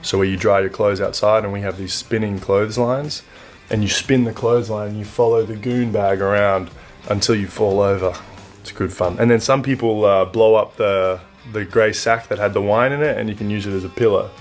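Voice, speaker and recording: A young man with an Australian accent talks in a low, easygoing voice, stopping often to hunt for words. His humor is dry and offhand. Faint guitar music plays softly behind him. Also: steady tone. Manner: laid-back, dry humor, halting with fillers. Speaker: interviewee explaining slang. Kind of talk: casual explanatory talk.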